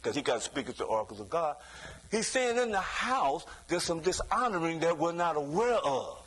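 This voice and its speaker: High-voiced man preaching, full of "you see?". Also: big pitch swings, normal speed, a bit bright, poor audio. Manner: conversational preaching with frequent rhetorical "you see?"; chuckles between points, acts out quoted voices. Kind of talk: sermon.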